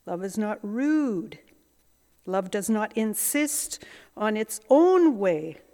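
A woman's voice: mid-range voice, sing-song, takes it slowly, mellow. A woman preaching a sermon in a reflective, self-searching, conversational way. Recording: long hall reverb.

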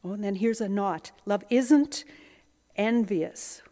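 A woman's voice: mid-range voice, slow, warm tone. A woman preaching a sermon in a reflective, self-searching, conversational way. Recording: long hall reverb.

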